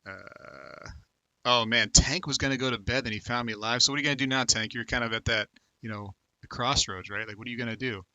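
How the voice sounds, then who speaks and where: This livestream host is an American man in his thirties with a medium-pitched, pushed, bright voice that moves fast. The audio is lo-fi with no echo. Rambling and filler-heavy, he chats casually, calls viewers by name and reads out their comments.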